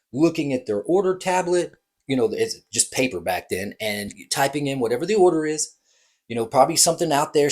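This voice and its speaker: A man's voice: on the high side, slightly rough. A man who works as a bartender, casually telling a story in a rambling, hesitant way and correcting himself.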